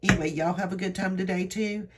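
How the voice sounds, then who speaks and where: A grandmotherly woman talks casually to her viewers. Her voice sits at an ordinary middle pitch. She wanders from thought to thought in an earnest, encouraging way. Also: fairly even intonation, fast talker, very noisy. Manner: chatty, rambling, earnestly encouraging. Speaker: vlogger. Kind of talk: casual talk to camera.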